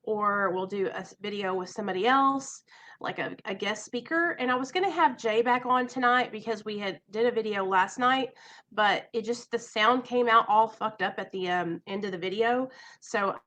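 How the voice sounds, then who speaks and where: A woman's voice: medium pitch, moderate pace, pushed and bright, slight background noise. A young woman, chatting casually and emotionally on a home live stream, nervous and rambling. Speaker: vlogger.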